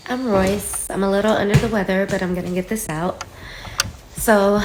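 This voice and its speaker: A woman's voice: lowish voice, a little hiss or hum. A woman in her forties telling a personal story in a casual, chatty way, acting out the quoted dialogue. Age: 40s. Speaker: storyteller in a social media video. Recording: echoey room.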